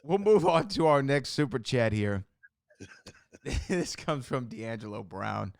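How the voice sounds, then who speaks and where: A young adult man hosting a casual podcast, his voice at a middling pitch. He tells stories in an animated, chatty way, laughing along and sprinkling in fillers. The sound is close and dry. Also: takes it slowly, vocal fry, no room sound. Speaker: podcast host.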